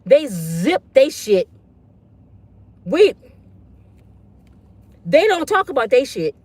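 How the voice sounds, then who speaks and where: A woman's voice: high voice, sing-song, slow pace, darkish tone, slightly rough, dry recording. A woman ranting bluntly and profanely in a casual livestream on her phone. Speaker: online commentator.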